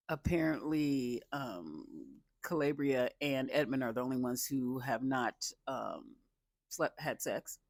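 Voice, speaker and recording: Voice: mid-range voice, no echo, clean studio sound. A speaker recapping a reality show episode in casual commentary, rambling, restarting sentences and laughing often. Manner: laughs a lot while recounting.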